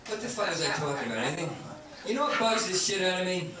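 A man doing a stand-up set on a comedy club stage, manic and profane, jumping between yelps and low mutters. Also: expressive, fast, crowd noise. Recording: echoey club taped from far off, noisy.

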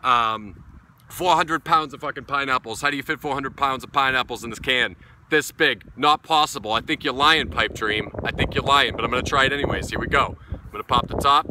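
Over a noisy background, a middle-aged man speaks briskly in a mid-range voice with a New England accent. He's from the region and is giving a blunt, sarcastic, foul-mouthed beer review from his backyard.

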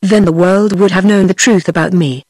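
A woman's voice: fairly low pitch, fairly even intonation, moderate pace, a little mellow, breathy edge, dry recording. A text-to-speech voice with a British English accent, set as a woman, reading the lines of a dry-witted male playwright.

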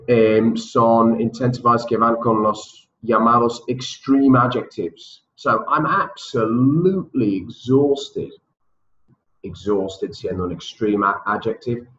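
A man's voice: lowish voice, fairly bright tone, reverberant, dull audio, slight background noise. A man teaching an exam-prep English lesson, patiently drilling words for students to repeat.

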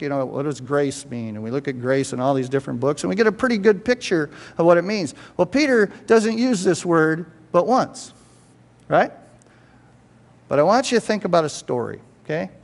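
High-voiced preacher in a reverberant church. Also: male voice. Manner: conversational, checks in with the congregation often. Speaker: pastor. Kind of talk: sermon. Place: church sanctuary.

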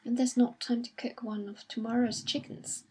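A woman reading the part of a devout, dutiful older colonel's wife in an audiobook, with a breathy voice. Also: on the high side, little pitch movement, normal speed, mellow. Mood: practical.

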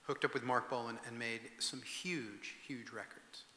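Bright-voiced male moderator in an echoey hall. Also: medium pitch. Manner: casual, hesitant, quick asides. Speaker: moderator, music journalist. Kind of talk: interview questions at a public talk. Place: museum auditorium.

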